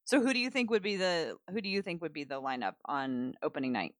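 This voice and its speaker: A woman's voice: low-pitched, fast talker, no echo. A woman co-hosting a casual basketball podcast on a close mic, playful and teasing, prodding her co-host with questions.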